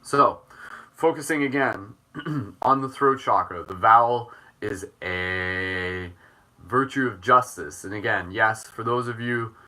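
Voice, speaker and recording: A man leading a guided chakra meditation as host, gentle and jokey, with playful dad-joke asides. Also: fairly low pitch, slow pace.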